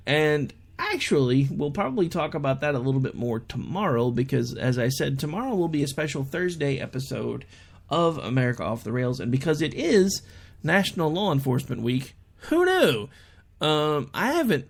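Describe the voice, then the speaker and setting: Lively, gravelly-voiced male talk host. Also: mid-range voice. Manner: chatty storytelling, quotes others in raised voices. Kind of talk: casual monologue.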